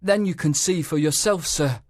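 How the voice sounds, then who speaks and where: A man's voice: fairly high pitch, moderate pace, slight background noise, pitched above the performer's own voice, close to an everyday voice. A man voicing a frightened, loyal male servant who speaks anxiously and politely, calling the lawyer sir. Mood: worried.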